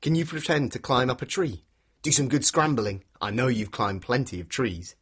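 A man narrates an interactive children's story in a playful, animated way, inviting listeners to join in with actions and sounds. His mid-range voice has a breathy edge and moves at normal speed.

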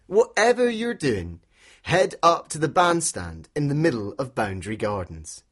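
Animated man telling a children's story. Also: on the high side, normal speed. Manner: animated, inviting listeners to join in. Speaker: storyteller guide for a children's walk.

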